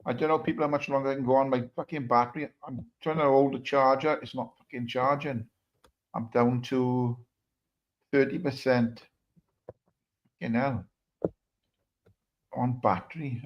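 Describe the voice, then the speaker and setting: A man's voice: mid-range voice, steady tone, moderate pace, long pauses, muffled recording, a little hiss or hum. A man hosting a live stream, chatting casually and swearing, talking straight to his viewers. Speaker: stream host.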